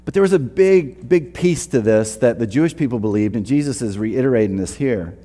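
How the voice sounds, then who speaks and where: A man's voice: medium pitch, expressive, brisk, dark tone, in a large hall. A man preaching a sermon in a casual, earnest way, often restarting his sentences and acting out quotes. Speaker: pastor. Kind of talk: conversational sermon.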